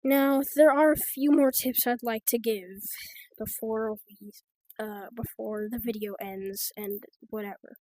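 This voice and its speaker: A woman's voice: fairly high pitch, steady tone, unhurried, darkish tone, no echo. An American woman giving game trading tips in rambling, casual commentary, full of fillers like "like" and "so". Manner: rambling, filler-heavy, offhand.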